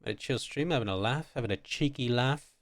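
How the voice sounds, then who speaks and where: Guy doing a cheeky english bloke voice, chummy, jokey, pretty middle pitch. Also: brisk, no echo, natural voice. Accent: put-on English. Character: cheery English bloke, young adult man.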